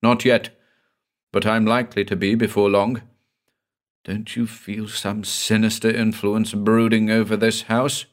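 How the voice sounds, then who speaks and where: A man's voice: on the low side, flat delivery, measured pace, close to an everyday voice. A man voicing a guilt-ridden middle-aged doctor, speaking in an agitated, intense, confessional way. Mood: tense.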